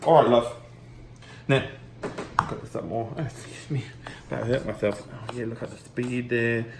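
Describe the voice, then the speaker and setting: A man's voice: mid-range voice, steady tone, moderate pace, close to an everyday voice. A man playing a cheeky, slangy male celebrity chef parody, chatting through a mock cooking tutorial in a home kitchen. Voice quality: chatty, slangy, self-amused. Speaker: host. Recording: echoey kitchen with background noise.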